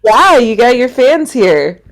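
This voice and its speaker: A woman's voice: fairly high pitch, very animated, slow. Upbeat woman vocal coach. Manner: upbeat, encouraging, chatty. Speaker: singing workshop coach. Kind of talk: online workshop coaching.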